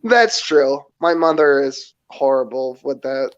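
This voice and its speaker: A man's voice: medium pitch, expressive, a little slow, clean tone, dull audio. A man co-hosting a podcast, trading crude, profane jokes and sarcastic roasts. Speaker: podcast co-host. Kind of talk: crude joking banter.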